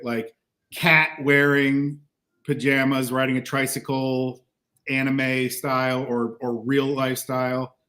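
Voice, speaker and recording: A man on a casual talk panel, thinking out loud about big ideas in a middle-pitched, ordinary voice. He stumbles and restarts as he goes, and slips little laughs in mid-sentence.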